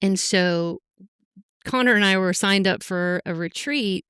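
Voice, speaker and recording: A middle-aged woman guest on a podcast, speaking heartfelt and halting, with many fillers, about her own life. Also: mid-range voice, a bit bright, clean tone, no echo, clean studio sound. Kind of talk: emotional personal interview.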